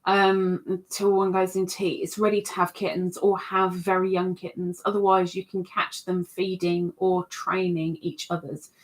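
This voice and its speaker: A woman's voice: lowish voice, flat delivery, normal speed, few pauses. A woman hosting a casual livestream, chatting in a self-mocking way and reading out viewers' comments from a computer mic at home. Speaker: livestream host.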